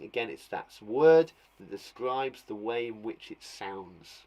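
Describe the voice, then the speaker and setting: A man's voice: on the low side, unhurried, darkish tone. A man teaching young children online, chatty and thinking aloud as he acts out the sounds of words. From England. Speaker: primary school teacher.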